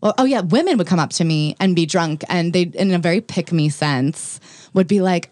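A woman comedian from New Jersey in casual podcast chat, telling stories rapidly and animatedly and swearing freely. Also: fairly low pitch, animated, dry recording. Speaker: comedian guest.

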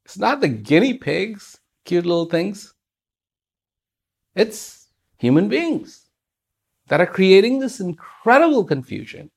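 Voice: mid-range voice, sing-song, takes it slowly, vocal fry, pauses often, slightly rough. A speaker giving a reflective spiritual talk, using rhetorical questions and repetition for emphasis.

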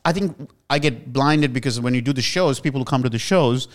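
A man's voice: mid-range voice, brisk. A man, a comedian guest telling stories, who swears freely and acts out quoted lines. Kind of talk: casual comedic storytelling.

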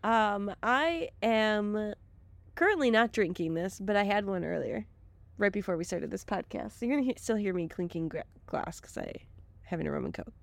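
Woman, thirties, Wisconsin accent, giggly, slightly gravelly, dry close sound. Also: medium pitch, expressive, moderate pace, no room sound. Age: 30s. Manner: giggly, laughs often. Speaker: podcast co-host. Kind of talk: casual chat.

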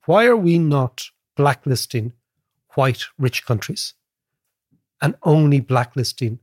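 A man with an Irish accent, co-hosting a podcast in casual chat, telling stories in an animated way and often asking "right?". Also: on the high side, no room sound, clean studio sound. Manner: animated, quick storyteller, keeps asking "right?". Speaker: podcast co-host, economist.

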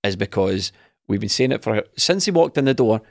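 A man's voice: lowish voice, expressive, normal speed, a little mellow, dry recording, studio quality. A Scottish man co-hosting a football podcast, chatting casually and mocking a rival with laughs. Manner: mocking, laughs while talking. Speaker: podcast co-host. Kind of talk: casual chat.

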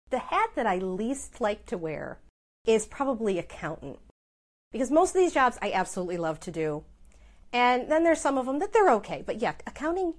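A middle-aged woman who runs her own business and is a mother, giving chatty, self-deprecating advice in a casual vlog. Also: medium pitch.

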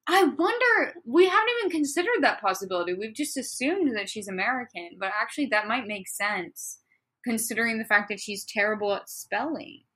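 A young woman co-hosting a casual podcast, reading a fan story aloud with animated, exasperated commentary and frequent swearing. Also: on the high side, fairly quick, breathy edge. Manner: animated, exasperated, swears freely, bursts into laughter.

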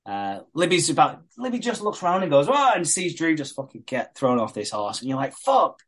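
A man's voice: a little high, very animated, brisk. A man in casual chat, retelling a soap plot with lots of swearing and acted-out quotes. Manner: sweary storyteller acting out quotes. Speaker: podcast co-host.

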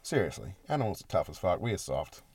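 A young man co-hosting a podcast, talking in crude, swearing, animated banter. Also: low voice, fast talker, a crowd in the background. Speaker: podcast co-host. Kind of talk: casual banter.

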